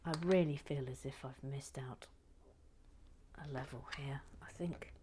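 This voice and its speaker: A woman's voice: rumbling low, steady tone, measured pace, mellow, slight background noise. Chatty woman building LEGO. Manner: chatty, wry, talking to herself; reads viewer comments aloud. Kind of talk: casual narration while building.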